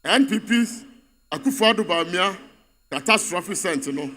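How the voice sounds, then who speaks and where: A man's voice: high voice, lively intonation, unhurried, bright, forceful tone. A man giving an emphatic, repetitive political speech at a party congress in a large venue. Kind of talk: rally speech. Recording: reverberant hall.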